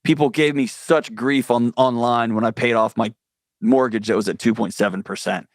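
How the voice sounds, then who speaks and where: This male guest, a mental health expert, tells earnest and candid stories during a conversational interview. He has a mid-range voice with a steady tone and normal speed, recorded without room sound.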